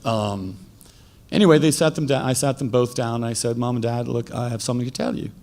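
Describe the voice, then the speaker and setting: A man's voice: medium pitch, brisk, creaky. A middle-aged man with an English accent, telling a personal story in a debate and acting out the voices he quotes. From England. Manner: animated, acts out quotes with a lifted voice.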